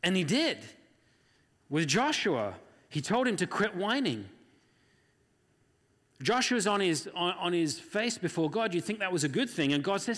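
A man's voice: high voice, sing-song, measured pace, long pauses, a bit bright. Earnest male preacher in a reverberant hall. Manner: earnest, conversational, acts out quoted voices. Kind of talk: sermon.

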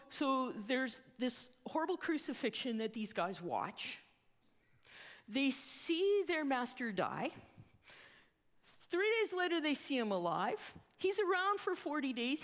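High-voiced woman preaching in a hall. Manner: animated storytelling, acts out quoted voices. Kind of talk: sermon. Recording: long reverb of a hall.

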